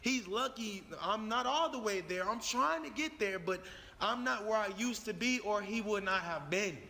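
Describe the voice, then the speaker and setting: A young man tells his story in a heated, profane, emphatic voice. His voice sits high and sounds sharp and forceful. A long reverb trails after his words. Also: normal speed, vocal fry. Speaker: YouTuber telling his story. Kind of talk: animated storytelling.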